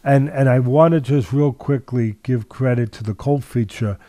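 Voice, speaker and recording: A man's voice: mid-range voice, normal speed, dark tone, no echo. An older man hosting a boxing podcast, talking emphatically in a casual way, repeating himself and restarting his sentences. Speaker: boxing trainer and podcast host. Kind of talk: casual sports talk.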